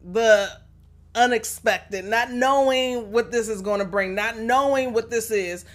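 A woman's voice: fairly high pitch, unhurried. A middle-aged woman hosting a solo podcast, talking earnestly and encouragingly about faith and pushing yourself, with many restarts. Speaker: podcast host. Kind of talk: solo motivational podcast talk.

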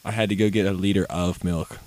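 A man's voice: low-pitched, fairly even intonation, a little fast, darkish tone. A man co-hosting a casual podcast chat, crude and joking, laughing often. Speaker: podcast co-host.

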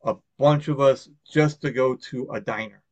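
A podcast host from Long Island, New York, chats casually, rambling and swearing with many fillers and restarts. His voice is medium-pitched at a moderate pace with no echo, on a dull, lo-fi, dry recording.

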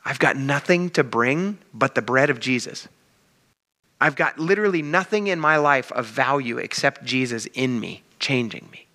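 A pastor preaching a sermon in a casual, conversational way that addresses the congregation directly. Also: male voice, mid-range voice, animated, moderate pace, bright, forceful tone. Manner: conversational, addresses the crowd as "you guys".

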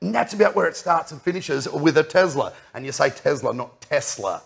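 Gravelly man hosting, jokey. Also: on the high side, animated, a little fast. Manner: jokey, rambling, laughs often. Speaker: podcast host. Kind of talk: casual banter.

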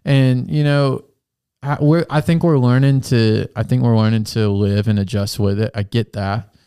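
A laid-back man chatting on a podcast with a smooth, clear voice. He talks in a loose, slangy, joking way and laughs easily. His pitch sits in an ordinary middle range. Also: steady tone, normal speed, mellow. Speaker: podcast co-host and youth pastor. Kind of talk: casual chat.

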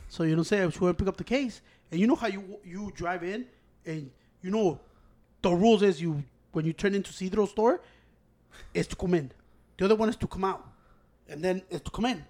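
A man, co-hosting a podcast, telling profane heated stories that break into loud shouts. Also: sits high, fairly quick. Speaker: podcast co-host. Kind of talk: casual chat, storytelling.

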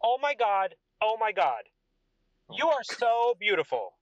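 A man's voice: very animated, unhurried, no room sound, highs cut off. A man voicing a flamboyant, greedy male king who gushes over everyone, in a role-playing game. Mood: infatuated. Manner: gushing, high-pitched exclamations. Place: in his car.

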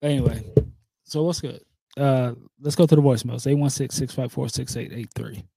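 A man's voice: medium pitch, steady tone, moderate pace, vocal fry, warm tone, slightly rough. A man hosting a sports podcast in casual chat, laid-back and ribbing his co-host.

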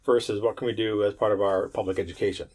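A man who works as a firefighter and medic, chatting casually on a podcast, laid-back and quick to laugh. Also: lowish voice, steady tone, a little mellow, breathy edge. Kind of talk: casual chat.

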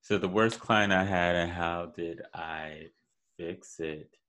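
Male podcast host, deep voice, unhurried casual delivery. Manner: relaxed, short agreeing replies.

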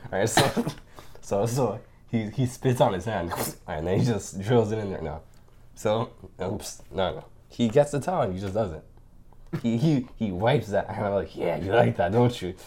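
A man tells a story on a casual podcast, his pitch leaping up and down as he acts out the people in it. He laughs through much of it. A faint hiss sits under the recording. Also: normal speed. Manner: animated storyteller, acts out voices, laughs a lot. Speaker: podcast co-host. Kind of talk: casual chat.

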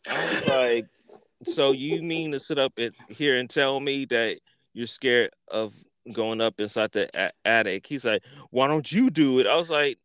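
Profane animated storytelling man. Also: mid-range voice, moderate pace, clean tone, dry recording. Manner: animated, profane, repeats words and acts out quotes. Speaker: podcast host. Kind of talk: casual storytelling.

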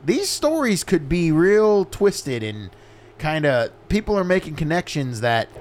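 Male podcast co-host, relaxed banter, lively pitch, slightly high. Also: unhurried. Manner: laid-back, laughs through his banter. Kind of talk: casual chat.

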